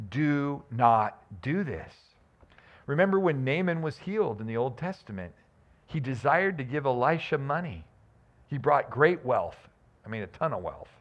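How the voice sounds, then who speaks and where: A man preaching a sermon as a pastor, with animated, emphatic delivery and frequent restarts. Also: medium pitch, muffled recording.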